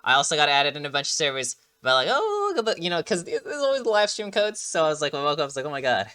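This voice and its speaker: A man casually chatting through a game trailer reaction, excitable and rambling with lots of fillers and restarts, sounding like he just woke up. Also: on the high side, rapid-fire, smooth.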